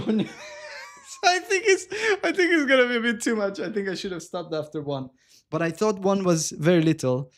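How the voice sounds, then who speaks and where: A man chatting casually on a live cooking stream, animated and self-mocking, laughing often and reading viewer comments aloud. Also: fairly high pitch. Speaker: livestreamer.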